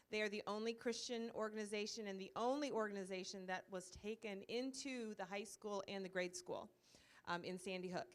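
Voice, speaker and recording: A woman's voice: mid-range voice, smooth. Chatty woman telling a story. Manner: chatty storytelling with many fillers. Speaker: church ministry leader presenting a comfort dog. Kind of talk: informal presentation to a church group. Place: church meeting room, live audience.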